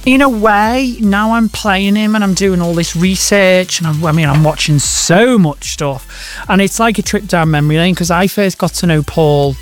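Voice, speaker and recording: A man's voice: high voice, moderate pace, faint music behind. A man in his thirties, a guest in a casual interview, talking in an effusive, chatty way and laughing easily. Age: 30s. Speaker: guest performer.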